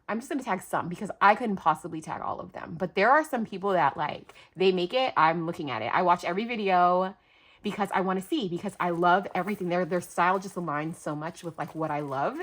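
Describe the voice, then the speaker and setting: A woman's voice: on the low side, fairly bright tone. A middle-aged woman vlogging a craft-mail unboxing, gushing and exclamatory as she talks to her viewers. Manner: gushing, exclamatory, addresses viewers as "you guys". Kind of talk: excited unboxing chat.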